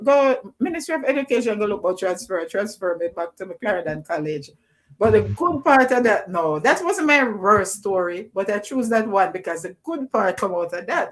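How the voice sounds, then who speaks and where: A Jamaican woman telling a childhood story on a livestream in Jamaican Creole, with an animated delivery. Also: medium pitch. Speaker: guest teacher.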